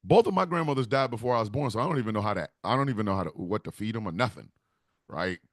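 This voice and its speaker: A man hosting with an animated comedic monologue, laughing as he riffs. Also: lowish voice, very fast, no room sound, clean studio sound. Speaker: comedic host.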